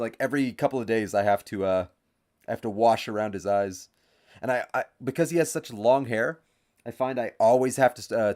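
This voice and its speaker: A man's voice: fairly low pitch, darkish tone. A young man streaming a game, rambling casually with lots of giggles and baby talk for his dog. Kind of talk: casual livestream chat while gaming. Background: game music.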